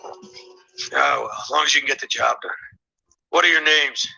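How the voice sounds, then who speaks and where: An actor playing a blunt, gruff middle-aged man in an animated film, who cuts straight to business. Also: mid-range voice, moderate pace, dull audio, faint music behind, heavily acted.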